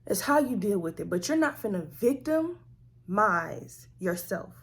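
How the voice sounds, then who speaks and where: A woman vlogger telling a family story in a slangy, animated, conversational way. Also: medium pitch, a little slow, slightly rough. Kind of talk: storytime vlog.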